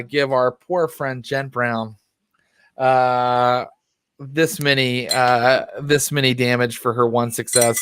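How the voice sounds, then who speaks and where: A man's voice: medium pitch, background noise. A man running a tabletop role-playing game as storyteller, narrating in a loose, chatty way with fillers.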